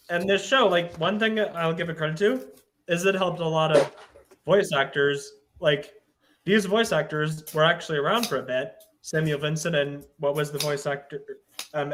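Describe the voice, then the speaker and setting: A man's voice: a little high, a bit bright, a little hiss or hum. A man chatting casually as a guest on a podcast, rambling and searching aloud for names. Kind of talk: casual chat.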